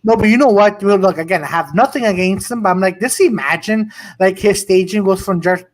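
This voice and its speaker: A man reacts excitably and slips in bits of during casual podcast banter. His voice sits high in pitch. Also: fairly quick. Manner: excitable reactions, mixes in French. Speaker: podcast co-host. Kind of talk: casual comedy podcast chat.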